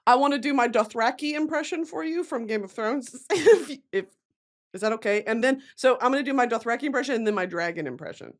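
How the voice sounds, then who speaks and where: A woman's voice: a little high, fast talker. A young adult woman hosting a podcast, chatting casually and animatedly, laughing often and swearing freely into a studio mic. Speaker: podcast host.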